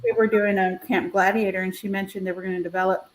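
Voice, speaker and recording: A woman's voice: mid-range voice, quick pace, low-quality recording. A woman realtor on a video call, telling a story casually and acting out the voices she quotes. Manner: animated, acts out quoted voices. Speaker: realtor and co-host. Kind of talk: casual storytelling on a live stream.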